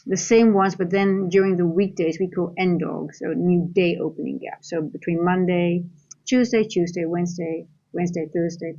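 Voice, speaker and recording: A woman's voice: fairly low pitch, a little mellow, dull audio. Dutch woman coaching a live trading stream. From Netherlands. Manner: rambling, restarts sentences, reads chat aloud.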